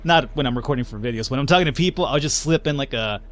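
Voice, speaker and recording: A man's voice: medium pitch, rapid-fire. A young man hosting a let's play, chatting and joking casually as he plays, with the odd swear word. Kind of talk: casual gameplay commentary.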